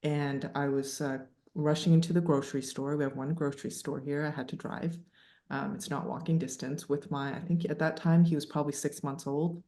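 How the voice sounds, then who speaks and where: A woman's voice: sits low, a little fast. Chatty woman guest, echoey room. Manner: animated, laughing, many fillers. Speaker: podcast guest. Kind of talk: casual storytelling interview.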